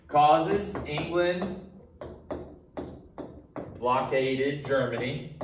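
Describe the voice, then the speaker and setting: A man's voice: a little high, far from the mic, slight background noise. Casual male history teacher, roomy sound. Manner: casual, talks to students, acts out countries in silly voices. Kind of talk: recorded classroom lecture.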